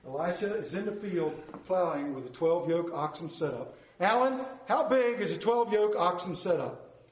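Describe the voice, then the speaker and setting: A preacher with a high, animated voice gives an interactive sermon at a moderate pace, keeping it casual and conversational. He puts questions to his congregation, and the room sounds echoey.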